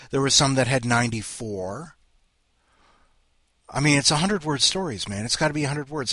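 A man's voice: mid-range voice, sharp tone, dry recording. A man hosting a story podcast, chatting in a rambling, self-mocking, joking way. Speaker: podcast host. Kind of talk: casual rambling chat.

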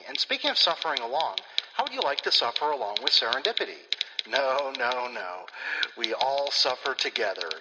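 A man's voice: mid-range voice, big-room sound, heavy background noise. A man hosting a podcast, chatting casually in a playful, rambling, self-mocking way. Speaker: podcast host.

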